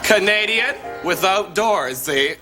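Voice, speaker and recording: A man playing a campy, wry gay Canadian actor giving a comic monologue with a deadpan delivery. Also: high-pitched, slow. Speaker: sketch comedy performer. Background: loud audience laughter and music.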